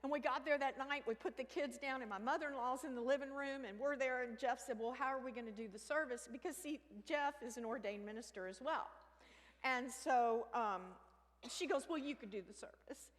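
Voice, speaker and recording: A woman telling a comic story on stage, animated, with sudden shrieks and hushed asides. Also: high-pitched, brisk. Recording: reverberant hall with faint ambience.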